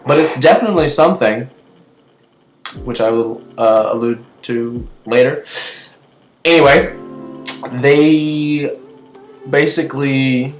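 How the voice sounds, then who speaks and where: A young man giving a casual, rambling TV episode review, chatty and excitable, full of fillers and restarts. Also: medium pitch, slow, long pauses. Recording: echoey room with faint music.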